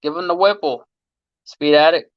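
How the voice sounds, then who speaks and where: A man's voice: on the high side, steady tone, normal speed, dry recording, highs cut off. Slangy, laid-back man on a livestream. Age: late 30s. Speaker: livestream host and mechanic. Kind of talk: casual livestream chat reading viewer comments. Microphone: phone.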